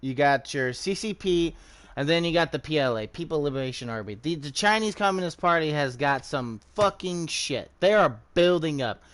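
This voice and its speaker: A man's voice: fairly high pitch, animated, normal speed, fairly bright tone. Profane rambling American streamer man. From United States. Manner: profane, rambling, restarts often. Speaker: livestreamer. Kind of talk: casual rambling commentary while gaming.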